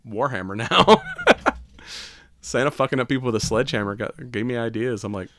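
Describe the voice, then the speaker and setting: A man's voice: mid-range voice, a little fast, fairly bright tone, no echo. A man co-hosting a casual podcast chat, laughing often, swearing freely and acting out quotes. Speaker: podcast co-host.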